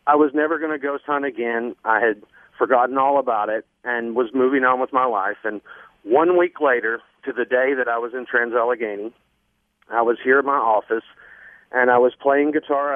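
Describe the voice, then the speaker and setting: Man, radio guest, earnest storytelling, halting fillers, phone-line sound, dry. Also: medium pitch, dry recording. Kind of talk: casual storytelling on a radio show.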